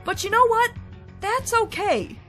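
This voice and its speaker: A woman's voice: extremely high pitch, lively intonation, measured pace, sharp tone, soft background music. A woman narrating a scripted game review in a wry, chatty way.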